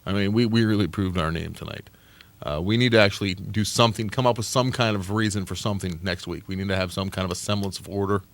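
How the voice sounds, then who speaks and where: A man hosting a late-night radio aftershow from a studio, animated and sarcastic, cursing freely and teasing callers. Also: deep voice, quick pace. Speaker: radio show host.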